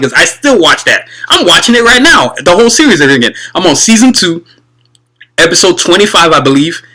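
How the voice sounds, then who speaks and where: A young man hosting his own show, chatting casually and excitedly to his viewers about cartoons, rambling and calling them y'all. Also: on the high side, low-quality recording. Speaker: video podcast host. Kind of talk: casual fan commentary.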